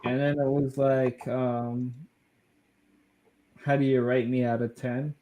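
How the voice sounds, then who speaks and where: A man's voice: medium pitch, level tone, takes it slowly, dark tone, a little hiss or hum. A young Australian man, a podcast co-host, telling a crude story in casual chat, swearing and laughing as he goes.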